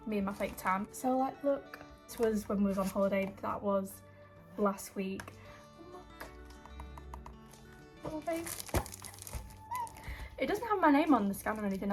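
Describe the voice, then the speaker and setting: Chatty young woman vlogger. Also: medium pitch. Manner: emotional, rambling, many fillers. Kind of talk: casual chat.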